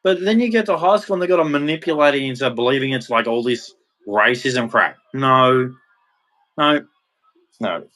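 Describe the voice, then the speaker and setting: A man's voice: mid-range voice, normal speed, pushed and bright. An Australian man in his thirties ranting bluntly and heatedly in a casual monologue, swearing freely. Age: 30s. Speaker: vlogger.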